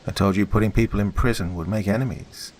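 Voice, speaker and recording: A man's voice: on the low side, fairly even intonation, quick pace, a little mellow, close to an everyday voice. A man voicing a dead wife who speaks sweetly but coldly accuses her husband. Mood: bitter. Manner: sweet turning scornful.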